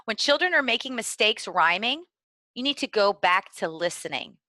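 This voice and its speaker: A woman giving clear, deliberately enunciated instructional narration for preschool teachers. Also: mid-range voice, sing-song, sharp tone, dry recording. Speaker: early literacy trainer.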